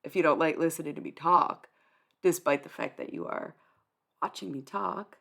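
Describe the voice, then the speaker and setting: Her voice lowish and expressive with vocal fry, a young woman streams live and responds to chat a little slowly. She brushes people off bluntly and sarcastically, swearing without restraint.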